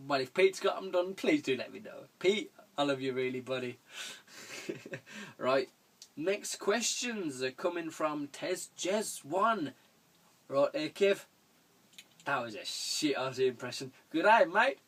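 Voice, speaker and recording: A young man with a mid-range, fairly bright voice rambles through viewer questions in a casual Q&A video, chuckling often and swearing casually. He's a vlogger recording in a room at home.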